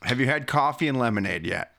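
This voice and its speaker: Bright-voiced man hosting a podcast. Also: mid-range voice, expressive, gravelly. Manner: quick-fire questions, playful teasing. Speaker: podcast host. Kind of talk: casual podcast chat.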